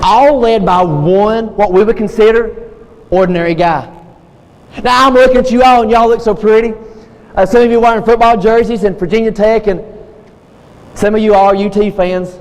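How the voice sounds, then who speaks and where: A man's voice: sits high, steady tone, normal speed. A man preaching a sermon, retelling a story with passion and repeating his key phrases. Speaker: pastor. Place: church sanctuary. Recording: long reverb in a church hall, faint noise.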